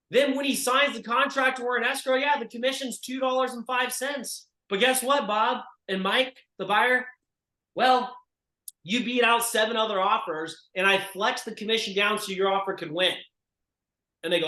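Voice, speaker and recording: A man coaching real estate agents in a group session, forceful and emphatic as he urges them on. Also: very high voice, normal speed, reverberant, poor audio. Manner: forceful and emphatic, urging listeners on.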